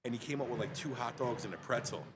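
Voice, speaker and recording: A man, a fitness trainer, chatting casually on a podcast and telling quick anecdotes in which he quotes other people's lines. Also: medium pitch, background noise. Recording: loud crowd chatter behind.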